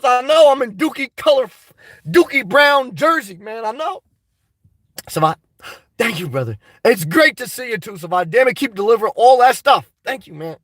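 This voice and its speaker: Sounding slightly congested, this live-streaming vlogger speaks in an extremely high, somewhat bright voice with no room sound. He chats casually and responds to viewers' comments loudly, bluntly, and with profanity.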